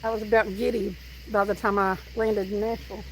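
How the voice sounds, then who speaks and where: A Southern-accented woman runs a laid-back fishing livestream outdoors, chatting with viewers, reading their comments aloud, and telling stories. Her voice is medium-pitched and level, and she talks briskly. The audio is poor, with a faint hiss or hum.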